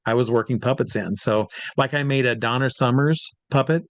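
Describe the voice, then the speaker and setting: In a relaxed interview, this male guest performer wanders along with plenty of fillers and false starts, imitating the voices of those he quotes. He speaks briskly in a mid-range voice, and there's no room sound.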